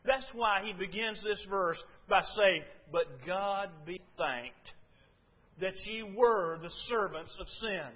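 An older male preacher, delivering a sermon that moves between loud, fervent pleas and quiet, low confiding talk. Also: slow. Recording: dull lo-fi recording.

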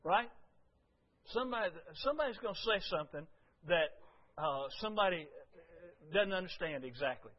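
A man preaching a folksy, storytelling sermon to his congregation, swinging from loud to hushed. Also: high-pitched, lively intonation, moderate pace, long pauses, muffled recording. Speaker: pastor.

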